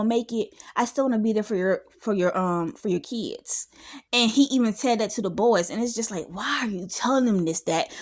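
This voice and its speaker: A woman, giving an outspoken, animated casual reaction to a reality show and sometimes talking loudly. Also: on the high side. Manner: animated and outspoken, with frequent laughs and exclamations; loud at times. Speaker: reality TV reviewer.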